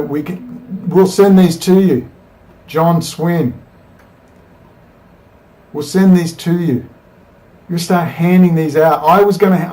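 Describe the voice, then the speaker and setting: A man rants to camera in a combative, profane monologue. He fires off rapid rhetorical questions and talks in a middle pitch for a man. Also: a little mellow. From Australia. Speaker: political video commentator.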